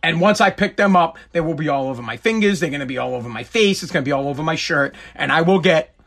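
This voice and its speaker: High-voiced male podcast host, casual rambling rant, lots of swearing and repeats. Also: expressive, fast, fairly bright tone. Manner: rambling, profane, repetitive. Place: home basement.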